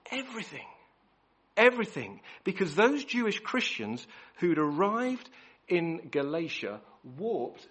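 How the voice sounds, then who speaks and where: A man's voice: on the high side, breathy edge. A man preaching a sermon, emphatic and repeating key words, often restarting his phrases. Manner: self-correcting restarts.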